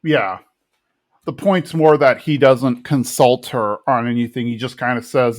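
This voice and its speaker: A man's voice: mid-range voice, unhurried. A man co-hosting a podcast, casually recapping an episode and now and then mimicking the characters. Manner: retells scenes, briefly mimicking characters. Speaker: podcast co-host.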